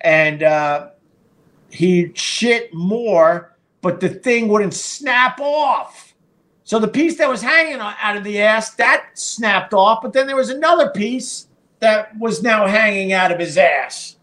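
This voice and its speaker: A man's voice: high voice, lively intonation, slow, sharp tone. A middle-aged man hosting a live stream, telling a story casually with a rambling, profane delivery full of fillers and restarts. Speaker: podcast and live stream host.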